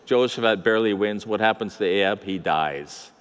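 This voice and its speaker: A man's voice: fairly low pitch, brisk, clear, resonant tone. An older man preaching a sermon as a pastor, talking in a conversational way with asides and rhetorical questions. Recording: long hall reverb.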